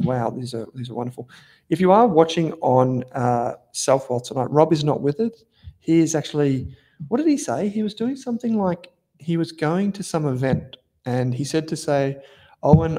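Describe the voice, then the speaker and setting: A man's voice: mid-range voice, dark tone. An Australian man hosting a casual investing livestream, chatting loosely with viewers, rambling and correcting himself as he goes. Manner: chatty, rambling, self-correcting, informal slang. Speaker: livestream host, investment analyst. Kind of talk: casual live-stream talk, reading viewer comments.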